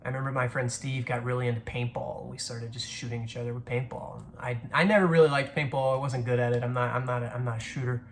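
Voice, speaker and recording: A man's voice: mid-range voice, level tone, fast talker, hardly any pauses. Young southern-raised guy rambling, swearing a lot, faint background hum. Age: 20s. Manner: rambling, profane, restarts a lot. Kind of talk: casual storytelling monologue.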